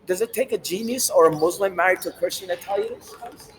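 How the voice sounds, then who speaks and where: A man delivering a rambling, profane, animated monologue as the host of his own channel. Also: sits high, fast talker, a little hiss or hum, poor audio. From Latin America.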